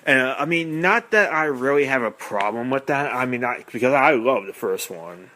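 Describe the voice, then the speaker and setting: A man's voice: mid-range voice, animated, normal speed, sharp tone. A man hosting a podcast, giving a casual, rambling film recap, hesitant and often unsure of the details. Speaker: podcast host.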